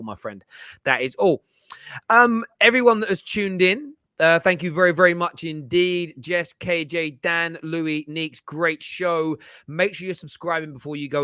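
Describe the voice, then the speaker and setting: A man in his thirties hosts a casual football chat show, his voice bright and forward. He rambles along, tripping over and repeating his words, and it sounds dry and close to the mic. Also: medium pitch, dry recording. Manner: chatty, stumbles over words and repeats himself. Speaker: host.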